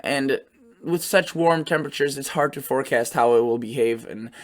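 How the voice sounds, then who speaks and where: Man, weather forecaster, casual map commentary, thinking aloud, self-correcting, mid-range pitch. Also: normal speed. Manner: loose and thinking aloud, often correcting himself mid-sentence. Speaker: weather forecaster and channel host.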